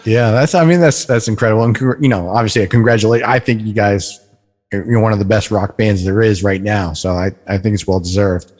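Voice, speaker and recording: A man hosting a podcast interview, asking questions in a halting way with many restarts. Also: on the low side, steady tone, a little mellow. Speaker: podcast host, concert photographer. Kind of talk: casual interview. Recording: reverberant, roomy sound.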